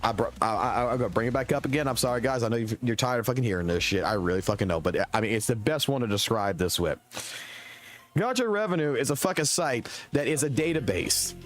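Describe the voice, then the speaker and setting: A man's voice: mid-range voice, expressive, quick pace. A man streaming games and ranting heatedly, with heavy swearing, in casual talk. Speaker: game streamer. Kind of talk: casual gaming stream rant. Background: faint music.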